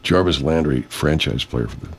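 A man's voice: very deep voice, normal speed, creaky, slightly rough. A man hosting a radio show, talking in a meandering, self-interrupting way and swearing freely. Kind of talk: rambling casual monologue.

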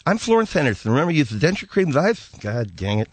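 Man impersonating a lisping aging actress, loose dentures, lively pitch, dry sound, spoof ad. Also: a little slow, dry recording. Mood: flustered. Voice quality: lisp.

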